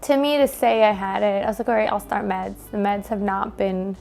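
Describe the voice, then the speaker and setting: Emotional New York woman with a gravelly voice. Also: mid-range voice, steady tone, darkish tone, faint music behind. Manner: emotional, halting, many fillers and restarts. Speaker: gym member interviewed by her coach. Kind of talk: candid personal conversation.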